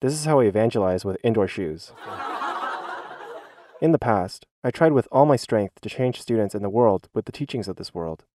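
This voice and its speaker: Earnest male voice-over, low and mellow, dry close sound, reading a teacher's church testimony. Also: animated, moderate pace, dry recording. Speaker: schoolteacher giving a church testimony.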